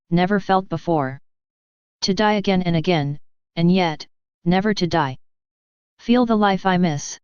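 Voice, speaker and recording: A woman narrating a devotional book in a slow, reverent, measured reading. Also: on the low side, a little mellow, clean tone, dry recording, dull audio.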